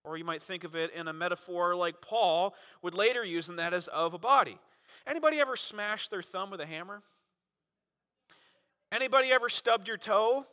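A man preaching a sermon as pastor, animated and full of rhetorical questions. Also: high-pitched, moderate pace. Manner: animated, frequent rhetorical "right?" asides. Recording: long reverb of a large hall.

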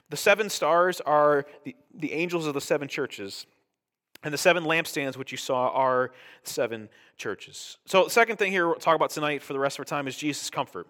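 A man's voice: fairly high pitch, normal speed, fairly bright tone, in a large hall. A man preaching a Bible teaching sermon in a conversational way, often checking in with "right?". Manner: conversational, tag questions like "right?".

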